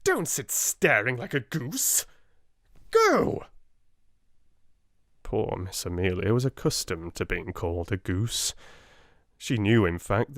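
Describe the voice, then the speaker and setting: A man with a British accent narrating a classic children's novel in an expressive storytelling manner. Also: fairly low pitch, dry recording, studio quality. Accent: British English. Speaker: audiobook narrator. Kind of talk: unabridged audiobook narration.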